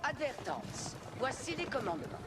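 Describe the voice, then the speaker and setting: An actor voicing medieval soldiers in a strategy game, formally acknowledging commands. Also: male voice, very high voice, big pitch swings, normal speed, very noisy. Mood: dutiful. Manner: formal, declaiming old-fashioned French commands. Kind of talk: strategy game unit voice lines.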